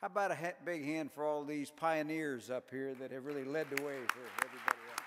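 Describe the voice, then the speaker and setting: A man's voice: on the high side, fairly even intonation, fast, a loud crowd, very noisy. Man telling jokes in a reverberant hall. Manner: folksy, self-deprecating joke teller. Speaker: after-dinner speaker. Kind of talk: after-dinner joke telling. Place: large banquet hall.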